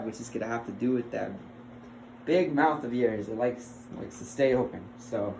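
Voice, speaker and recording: Young guy student demo, unhurried, laughs a lot, echoey room, faint hiss. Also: medium pitch, warm tone. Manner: chatty and fumbling, laughs often, coaxes his dog. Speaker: health assessment student. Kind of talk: casual recorded skills demonstration. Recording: roomy with faint noise.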